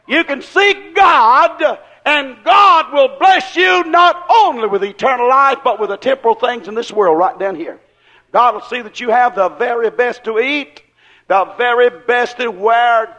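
A man preaching a sermon in a fervent, folksy way, firing rhetorical questions at the congregation and rising into shouts. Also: extremely high pitch, dull audio. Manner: acts out quoted people in voices.

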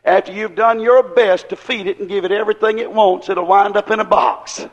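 A man preaching a sermon in a fervent, folksy way, firing rhetorical questions at the congregation and rising into shouts. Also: sits high, steady tone, brisk, dull audio. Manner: acts out quoted people in voices.

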